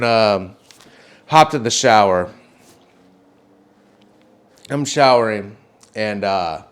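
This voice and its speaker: A man in casual podcast chat, telling a long story with plenty of swearing. His voice sits at an ordinary pitch but jumps up sharply whenever he gets worked up, and he leans into the retelling. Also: clear, resonant tone. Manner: animated storytelling, swears a lot, voice jumps up when excited. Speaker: podcast co-host.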